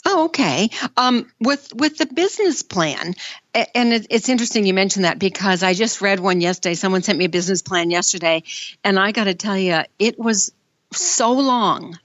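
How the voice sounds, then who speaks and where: A middle-aged woman film producer, a guest talking in an animated way and acting out the people she quotes. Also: medium pitch, normal speed, no echo. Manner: animated storyteller, acts out quotes. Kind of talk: conversational interview. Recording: dull lo-fi sound, dry.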